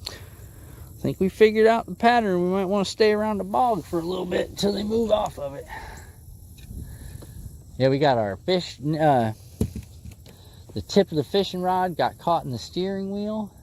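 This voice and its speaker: A man livestreaming bass fishing from a boat on a lake, chatting with viewers in an easygoing way and talking excitedly to the fish as he reels it in. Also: moderate pace, long pauses, slight background noise. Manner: excitable, talks to the fish and chat. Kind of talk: casual live commentary while fishing.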